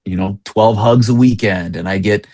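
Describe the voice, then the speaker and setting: A man who is a pastor, a guest on an interview, telling lively, joking stories about his church. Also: fairly low pitch, moderate pace, no room sound. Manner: jokey, animated storyteller. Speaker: associate pastor.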